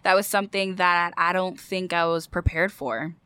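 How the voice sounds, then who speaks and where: A woman from Puerto Rico hosting a radio show, speaking in a soft, reflective, hesitant way. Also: on the low side, fairly even intonation, normal speed, smooth, dry recording. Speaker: radio host. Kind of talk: casual conversation.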